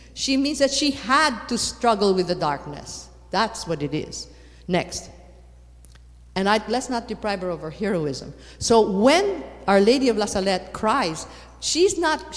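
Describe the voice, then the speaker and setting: A woman giving a lively conference talk, repeating her points for emphasis and putting rhetorical questions to the audience. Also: a little high. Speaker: conference speaker. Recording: long hall reverb.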